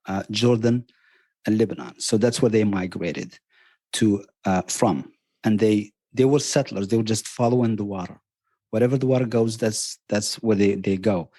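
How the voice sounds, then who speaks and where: A man's voice: fairly low pitch, unhurried, a little mellow, dry recording. A middle-aged man from Morocco with a Moroccan accent, chatting on a podcast as a travel guest, eager and rambling with many restarts. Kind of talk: casual podcast chat. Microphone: podcast microphone.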